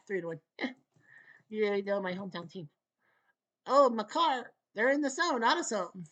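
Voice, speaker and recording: A woman casually commentating over a hockey video game she is playing, joking and cheering loudly for her team. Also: medium pitch, unhurried, long pauses, a little hiss or hum, poor audio. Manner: excitable, jokey, calls the play and cheers for her team. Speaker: gaming channel host.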